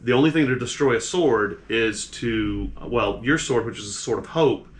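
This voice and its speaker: Halting male game master. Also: medium pitch. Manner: halting, full of restarts and fillers. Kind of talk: narrating a tabletop game.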